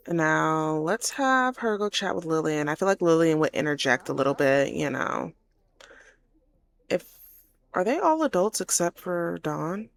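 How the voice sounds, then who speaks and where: A young woman with a low voice chats casually over gameplay, often correcting herself mid-sentence. Her tone is easygoing and talkative. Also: creaky. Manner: chatty, self-correcting, laughs easily. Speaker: game streamer.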